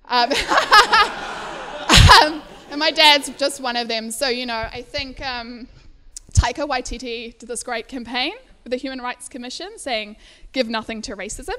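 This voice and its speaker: A woman's voice: on the high side, moderate pace, a bit bright. A woman in her thirties from South Africa, telling a personal story to a live audience at an indoor event, chatty and laughing often between fillers.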